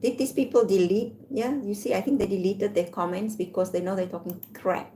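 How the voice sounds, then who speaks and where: South african woman ranting at home, repeats stuff slow and pointed, bit of hiss behind her. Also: mid-range voice, fairly even intonation, dark tone. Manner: combative, repeats phrases slowly, reads comments aloud. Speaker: vlogger. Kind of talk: casual rant to camera.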